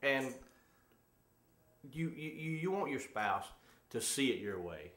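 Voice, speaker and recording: A man's voice: mid-range voice, big pitch swings, takes it slowly, fairly bright tone, roomy sound. A man co-hosting a casual talk show, telling stories in an easygoing way. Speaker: co-host. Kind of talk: casual chat.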